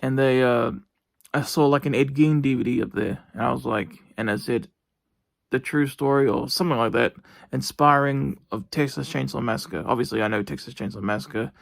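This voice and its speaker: A young man, reviewing a TV show from his bedroom in a rambling, halting way with lots of fillers and restarts. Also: mid-range voice, gravelly, no echo, clean studio sound. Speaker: vlogger. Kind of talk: casual TV review monologue.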